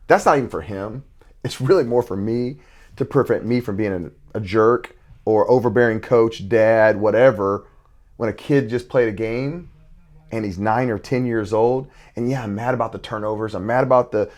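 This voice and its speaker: A man's voice: mid-range voice, a little mellow. A man talking as a podcast guest about being a father and youth coach, earnest and reflective, often restarting his sentences. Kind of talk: podcast conversation.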